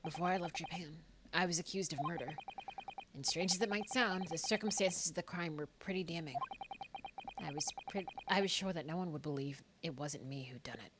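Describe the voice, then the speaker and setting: A woman reading the lines of an earnest young male law student aloud from a game, in a quiet, low, solemn tone. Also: fairly quick, background noise, lightly acted.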